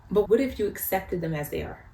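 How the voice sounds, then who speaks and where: A woman's voice: medium pitch, very animated, a little fast, mellow. A mother talking casually to camera about parenting, earnest and reflective, often repeating phrases for emphasis. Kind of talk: casual advice talk to camera. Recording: roomy echo, faint background noise.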